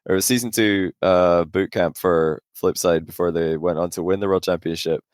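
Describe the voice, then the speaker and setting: A young man, a podcast guest, chatting casually and rambling through animated anecdotes. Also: low voice, moderate pace, dry recording, studio quality. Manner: rambling storyteller, animated when telling anecdotes. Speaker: podcast guest, esports pro.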